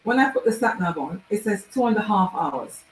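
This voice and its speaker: A woman's voice: mid-range voice, expressive, fairly quick. A woman giving a casual talk as guest speaker at an event, chatty, with many fillers and restarts. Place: large event room. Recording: echoey room with faint background noise.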